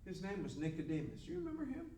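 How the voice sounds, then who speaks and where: Older male Bible teacher, folksy and joking, high lively voice, recorded far off in an echoey room. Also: quick pace. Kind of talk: conversational Bible lesson. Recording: roomy room mic from far off, faint noise.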